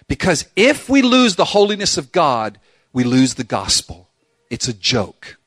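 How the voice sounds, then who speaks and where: An energetic male pastor delivers a sermon from a church stage mic, his voice swinging widely up and down as he repeats key phrases for emphasis. His pitch sits a little above the usual for a man. The sound is close and dry, with hardly any room echo. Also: unhurried, long pauses. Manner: animated preaching, acts out voices, emphatic repetition. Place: church sanctuary.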